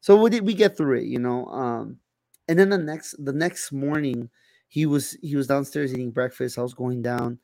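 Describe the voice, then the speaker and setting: A man's voice: mid-range voice, normal speed, creaky, darkish tone, dry recording, clean studio sound. A young man co-hosting a podcast in loose casual chat, swearing freely with lots of fillers and restarts. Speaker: podcast co-host.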